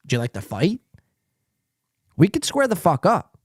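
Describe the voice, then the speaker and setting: A man hosts a live podcast, firing profane, taunting insults at a viewer as he reads the chat aloud. His pitch swings widely between mocking highs and low growls. The sound is dry and close, with no room around it. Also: huge pitch swings, moderate pace, a little mellow, breathy edge, no room sound. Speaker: podcast host. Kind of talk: live stream rant reading chat.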